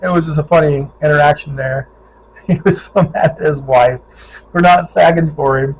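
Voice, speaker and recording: Here a middle-aged man from Ohio, out on a cycling tour, tells road stories for his casual vlog with lively, animated delivery, imitating the folks he met along the way. The pitch is fairly high and the speed normal; the audio is poor, with a bit of background noise.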